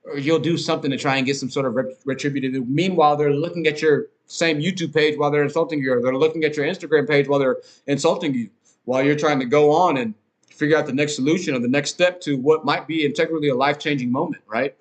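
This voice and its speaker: A man's voice: fairly high pitch, fairly even intonation, fast. A man hosting a podcast, ranting in a casual, rambling monologue with frequent swearing, fillers and restarts. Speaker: podcast host.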